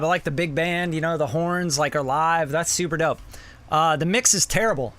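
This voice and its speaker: Host: high, bright-voiced man, loose and profane, casual review talk. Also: normal speed. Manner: loose and profane, lots of "like" and "bro". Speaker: music producer reviewing songs. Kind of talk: casual live-stream review.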